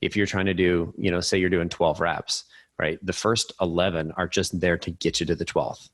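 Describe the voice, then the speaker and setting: Very deep-voiced male podcast host. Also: moderate pace, dry recording. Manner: relaxed, conversational, self-deprecating. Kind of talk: casual podcast conversation.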